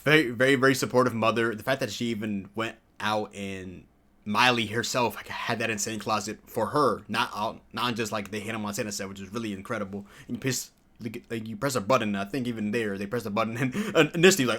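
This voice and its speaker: A man in his early twenties giving a casual, excitable video review, full of slang and sudden high-pitched exclamations. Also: brisk. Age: early 20s. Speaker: TV show reviewer.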